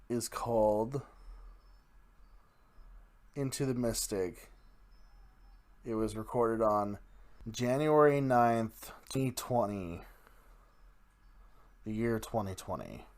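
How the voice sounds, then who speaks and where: A man's voice: medium pitch, slow pace, long pauses, a little mellow. A man hosting his own podcast in a casual, rambling solo talk, correcting his own slips and laughing at himself. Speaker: podcast host.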